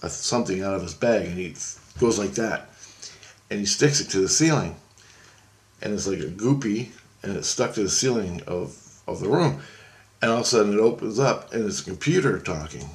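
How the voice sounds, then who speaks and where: A man's voice: lowish voice, animated, a little fast. A man telling a long story in casual, rambling speech, swearing often and correcting himself mid-sentence. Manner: rambling, profane, self-correcting. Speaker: vlogger recounting a dream. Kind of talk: casual spoken storytelling monologue.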